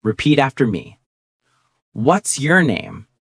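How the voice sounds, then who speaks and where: This scripted beginner lesson comes from an English teacher whose encouraging voice moves through big pitch swings. When giving example phrases, the teacher slows down and speaks clearly. There's no room echo; the sound is dry and intimate.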